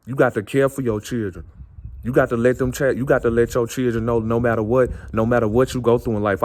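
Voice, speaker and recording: An earnest man talks straight to the camera in a heartfelt monologue. He keeps circling back over his own phrases, repeating them for weight, with a voice of middling pitch. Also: fairly even intonation, quick pace, a little mellow. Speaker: vlogger. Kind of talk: impassioned personal monologue.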